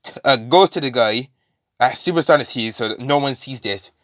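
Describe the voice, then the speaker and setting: A man's voice: mid-range voice, normal speed, a bit bright, no room sound, clean studio sound. A man casually retelling a fan-made story, rambling with many fillers and restarts.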